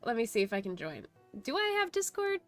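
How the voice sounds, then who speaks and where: A woman's voice: on the high side, huge pitch swings, fairly quick, faint music behind. A woman hosting a casual study live stream, chatting and reading chat messages aloud with frequent laughs.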